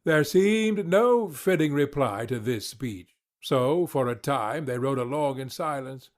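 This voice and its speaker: Male audiobook narrator, calm scripted fairy-tale reading, mid-pitched voice. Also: measured pace.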